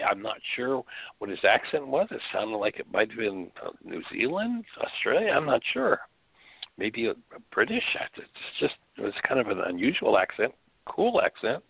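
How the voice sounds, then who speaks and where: A man's voice: mid-range voice, vocal fry, husky, no echo. A man hosting a spiritual radio show, speaking earnestly from his bedroom over the phone, with rhetorical questions. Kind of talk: spiritual teaching talk. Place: bedroom at home. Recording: phone-line call audio, dry.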